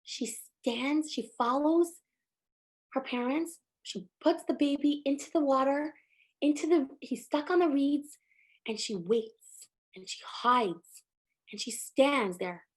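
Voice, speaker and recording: A woman teaching a religious lesson through emotive, animated storytelling, with many casual fillers. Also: high-pitched, slow pace.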